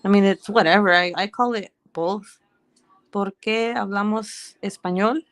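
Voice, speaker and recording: A woman's voice: medium pitch, steady tone, moderate pace, dry recording. A woman in her thirties whose first language is Spanish, speaking English with a Mexican Spanish accent, chatting casually with her stream viewers, rambling, laughing often and swearing freely. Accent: Mexican Spanish-influenced American English. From United States.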